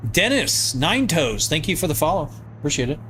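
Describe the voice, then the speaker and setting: A man's voice: a little high, big pitch swings, fairly quick, pushed and bright, a little hiss or hum. A man with a nasal voice, live-streaming from his home basement, reading viewer comments aloud and answering in loose, rambling casual chat.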